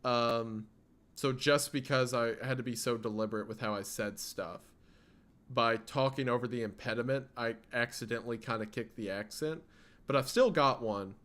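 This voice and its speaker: A man streaming, talking to his chat in a loose, rambling way with a faint Southern US lilt. His voice sits at an everyday middle pitch, and he often stops and restarts his sentences. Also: normal speed, fairly bright tone. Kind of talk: casual livestream chat.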